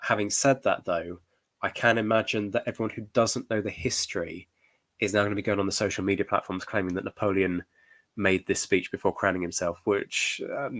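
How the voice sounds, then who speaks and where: A male historian talks through his reaction in a low voice, weighing his points carefully and often pausing on fillers. The sound is close and dry, with no room around it. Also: fairly bright tone, dry recording. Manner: thoughtful, hedging, many fillers. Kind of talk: reaction commentary.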